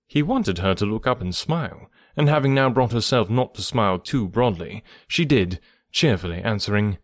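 A man narrating a classic novel as an audiobook, with a calm, even storytelling manner. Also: fairly low pitch, normal speed, few pauses, dry recording, clean studio sound.

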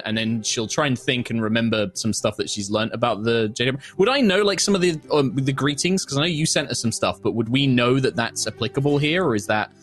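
A man's voice: mid-range voice, fast talker, few pauses, soft background music. A man describing his character's actions in a tabletop role-play, chatty with many fillers. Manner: chatty, lively, many likes and ums. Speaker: player.

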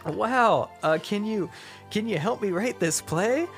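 Podcaster doing a nervous young theater student guy, pitched way up, eager and fretful. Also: expressive, fast talker, soft background music, natural voice. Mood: eager awe.

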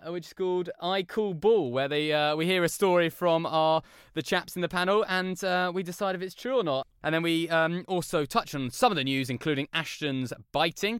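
A man's voice: on the high side, a bit bright, clear, resonant tone, no room sound, clean studio sound. A man hosting a rugby podcast in upbeat, casual chat. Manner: upbeat, presenting. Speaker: podcast host.

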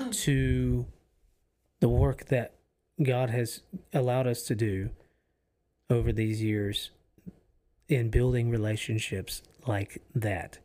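A man's voice: mid-range voice, slow pace, pauses often, a little mellow. A man co-hosting a faith podcast in casual chat, speaking earnestly and reflectively, often stopping and restarting his sentences. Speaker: podcast co-host. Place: office used for recording podcasts.

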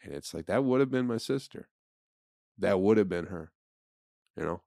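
A man's voice: low voice, animated, moderate pace, gravelly, mellow, dry recording, studio quality. A man hosting a comedy podcast, talking casually in a rambling, profane riff. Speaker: podcast host.

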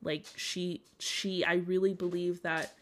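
Young female podcast host, under the weather, lower register; effusive, filler-heavy, emotional delivery. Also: flat delivery, measured pace, a bit bright. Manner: gushing and emotional, heavy use of "like" and "um". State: sick. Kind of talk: casual solo podcast chat.

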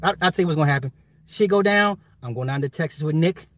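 A man's voice: a little high, fast talker, fairly bright tone, slight background noise. A man ranting casually to his viewers, profane and rambling, laughing often. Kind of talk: casual rant.

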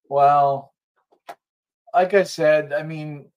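A man's voice: fairly high pitch, muffled recording. A man talking as a guest on a casual political chat, ranting heatedly with restarts and swearing.

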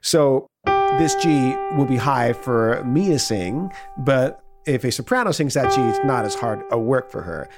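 A man who works as a music producer, calmly explaining pitch for a kids' lesson. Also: a little slow.

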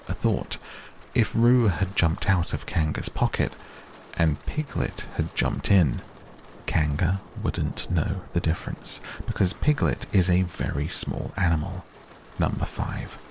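A man voicing a bossy, self-important male rabbit who talks in a brisk, officious way. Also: low-pitched, vocal fry, darkish tone, slight background noise, heavily acted. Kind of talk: storybook reading.

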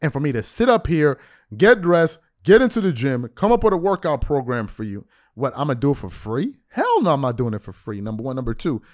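A man's voice: mid-range voice, brisk, dry recording, studio quality. A man giving a blunt, mocking sports commentary monologue as a podcast host, ranting about players and joking along the way. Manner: blunt, mocking, animated, teasing then insisting it's jokes.

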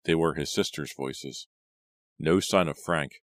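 A man narrating an audiobook in a measured, even storytelling manner. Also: a bass voice, no room sound, studio quality. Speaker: audiobook reader.

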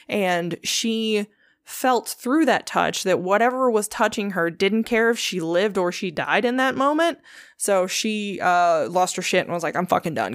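A woman's voice: mid-range voice, no echo, clean studio sound. A young woman hosting a podcast, retelling ghost stories in a loose, profane, filler-heavy way. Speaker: podcast host. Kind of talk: casual storytelling chat.

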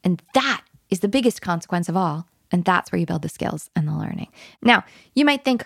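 Animated gravelly-voiced woman parenting coach. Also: lowish voice, a little fast, no room sound, clean studio sound. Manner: animated and emphatic, dropping to a hushed whisper when modeling soothing words.

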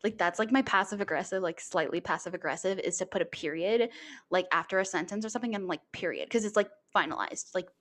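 A woman's voice: mid-range voice, fast talker, fairly bright tone. A young adult woman co-hosting a casual book-club podcast, rambling with lots of fillers like "like" and "and stuff". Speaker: podcast co-host.

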